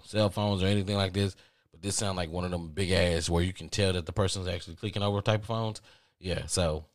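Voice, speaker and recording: This podcast host from the American South, speaking with a Southern accent in a fairly low voice, delivers a funny story in a clean, echo-free studio recording. He animatedly impersonates both ends of a phone call, switching quickly between voices.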